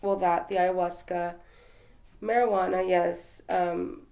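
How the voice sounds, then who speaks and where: A woman's voice: lowish voice, flat delivery, takes it slowly, gravelly, dark tone. A woman from Texas telling her story as an interview guest, in a rambling, conversational way with fillers and restarts. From Texas, USA.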